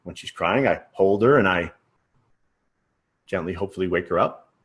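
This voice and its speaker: A man's voice: sits low, normal speed. A man giving a sales training lecture in a conversational way. He often checks in with the listener and uses everyday examples. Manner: conversational, checks in with frequent "right?". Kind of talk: teaching lecture.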